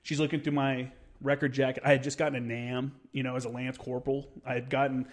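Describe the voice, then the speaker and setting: A man's voice: medium pitch, quick pace. A young man telling a story in casual podcast chat, swearing freely and acting out the quotes of the people in it. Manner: profane, animated storyteller who acts out quotes. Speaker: podcast guest.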